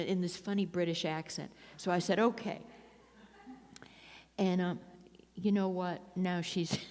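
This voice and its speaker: A woman's voice: on the low side, a little mellow. An older woman speaking at a recovery meeting, chatty and self-mocking, with many laughs and restarts. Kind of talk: personal recovery talk. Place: meeting hall. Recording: long echo of a hall.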